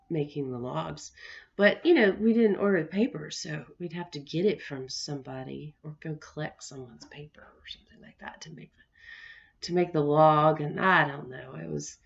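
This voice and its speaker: A woman's voice: low voice, vocal fry, a bit bright. A young adult woman telling family memories in a casual vlog, rambling with many restarts and laughing often. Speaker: vlogger. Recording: dull lo-fi recording.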